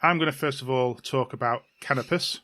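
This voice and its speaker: A man co-hosting a comics podcast in casual chat, laughing often and tossing in quick asides. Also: medium pitch, bright, forceful tone, dry recording, studio quality. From England. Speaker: podcast co-host.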